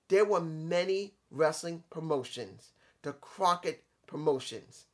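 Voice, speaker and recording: Man doing a solo wrestling opinion vlog, preachy and repetitive, keeps reining himself in. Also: a little high. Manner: lecturing, repeats himself, stops to calm himself. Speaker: wrestling commentary vlogger. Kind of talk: solo opinion rant to camera.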